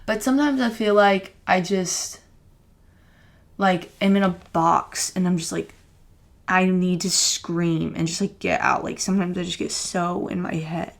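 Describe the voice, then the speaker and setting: A woman's voice: fairly low pitch, a little slow, gravelly. A young woman co-hosting a podcast, talking through her feelings in casual, rambling chat full of "like" fillers. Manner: rambling, heavy use of "like" fillers; earnest, openly emotional self-reflection. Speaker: podcast co-host.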